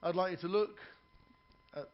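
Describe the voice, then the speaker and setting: A man's voice: sits high, moderate pace, highs cut off. A man performing stand-up comedy in a ship's theatre, telling jokes, doing characters' voices and joking with the audience.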